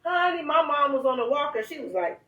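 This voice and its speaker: Guest storyteller, middle-aged woman, high and bright, echoey room, laughs easily, reads poetry intensely. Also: very animated, fairly quick, distant mic, highs cut off. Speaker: guest author and poet.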